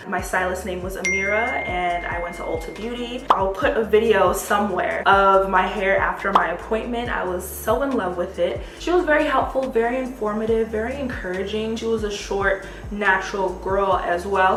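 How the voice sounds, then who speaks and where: A woman's voice: mid-range voice, a bit bright. A young adult woman chatting casually to camera as a vlogger, with lots of "like" and "you guys". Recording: echoey room, faint background music.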